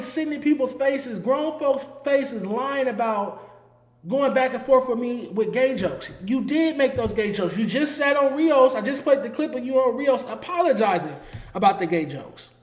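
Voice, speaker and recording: A man's voice: extremely high pitch, expressive, moderate pace, reverberant. A man hosting his own commentary show, talking in a heated, emphatic way and hammering his points home through repetition. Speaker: host. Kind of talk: solo commentary.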